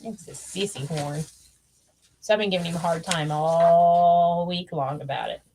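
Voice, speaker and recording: A woman's voice: on the low side, unhurried, mellow, a little hiss or hum. A woman hosting a crafting livestream, chatting casually and teasing while she works.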